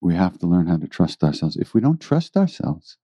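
A deep-voiced man talks to a gathered audience about spiritual practice, earnest and loosely rambling, circling back to repeat his phrases. His tone is dark and mellow, recorded close and dry. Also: very animated, moderate pace, dry recording. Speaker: spiritual teacher giving a talk. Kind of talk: informal spiritual talk to a live audience.

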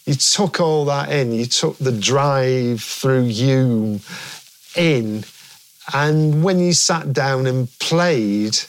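Halting musician reminiscing. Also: male voice, medium pitch. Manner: halting, laughs as he talks. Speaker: band drummer. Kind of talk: reminiscing interview. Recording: faint hiss.

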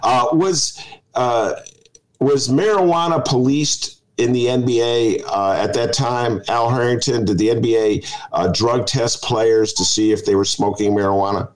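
A man hosting an interview, asking questions in a joking, hesitant way with many "uh" pauses. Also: mid-range voice, steady tone, rough recording. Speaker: interview host. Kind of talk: casual interview chat.

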